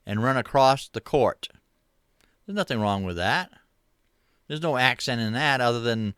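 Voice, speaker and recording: A middle-aged man from Maine with a Maine accent, hosting a relaxed livestream chat with viewers, rambling easily with lots of fillers. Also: mid-range voice, normal speed, clear, resonant tone, dry recording, studio quality. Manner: easygoing, rambling, many uh fillers, chuckles. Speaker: livestream host. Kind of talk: casual chat reading viewer comments.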